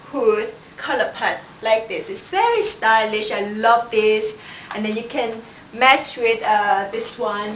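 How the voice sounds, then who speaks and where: A woman stylist walks through outfits at a slow, patient pace, her voice sitting a little high. She is recorded from some distance in a roomy space with faint background noise. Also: fairly bright tone. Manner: unhurried, shows each item with "like this". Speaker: fashion stylist presenting clothes. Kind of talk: product styling demo.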